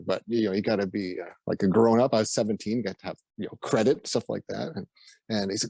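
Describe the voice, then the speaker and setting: A man's voice: on the low side, fairly even intonation, fast, gravelly, darkish tone, no echo. A Canadian man with a Canadian accent, a musician guest telling stories in a casual interview and laughing often. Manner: laughs often, acts out quoted voices.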